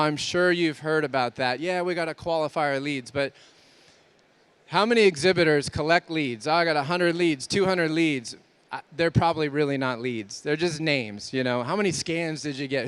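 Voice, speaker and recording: A man giving an energetic conference talk to exhibitors, asking many rhetorical questions. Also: a little high, clear, resonant tone, dry recording. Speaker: conference speaker.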